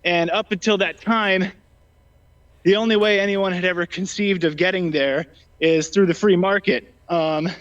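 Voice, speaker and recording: This debate guest keeps a steady tone and normal speed in his high voice while arguing politics casually. He's somewhat out of breath, frequently restarting and saying um, and the recording sounds dull and lo-fi.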